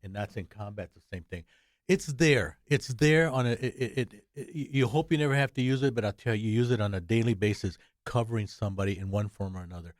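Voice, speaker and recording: An older man, a combat veteran guest, speaking in blunt short phrases, halting and repeating words. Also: on the low side, no echo, studio quality. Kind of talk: interview recollection.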